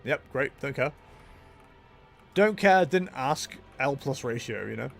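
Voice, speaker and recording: With soft music behind him, a man streams a video game in a mid-range, expressive voice, unhurried and marked by vocal fry. He keeps up casual, chatty commentary, joking at his own expense along the way.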